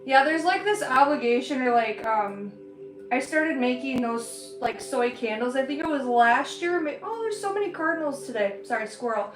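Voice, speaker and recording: Chatty high-voiced woman livestreaming. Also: lively intonation, moderate pace. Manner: chatty, rambling, laughs often. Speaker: livestreaming artist. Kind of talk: casual chat while painting. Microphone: streaming setup. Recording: roomy with faint background music.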